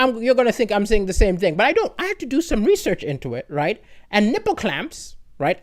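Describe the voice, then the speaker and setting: A man from Malawi delivering a chatty stand-up comedy monologue, animated and often checking in with "right?". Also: high voice.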